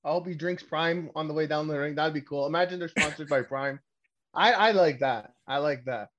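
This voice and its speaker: Profane, excitable podcast host, lo-fi. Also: male voice, on the high side, fairly quick. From Canada. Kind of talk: casual wrestling podcast chat.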